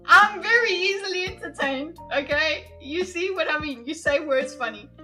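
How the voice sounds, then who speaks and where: A woman chats her way through a live reaction stream, easily amused and quick to giggle. Her voice sits high and bright. Faint music plays under her. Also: big pitch swings. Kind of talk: casual live commentary.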